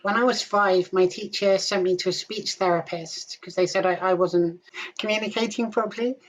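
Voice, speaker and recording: A woman's voice: medium pitch, fairly even intonation, normal speed. A woman from the UK hosting an interview show, friendly and upbeat as she asks her questions. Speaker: show host. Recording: dull lo-fi sound.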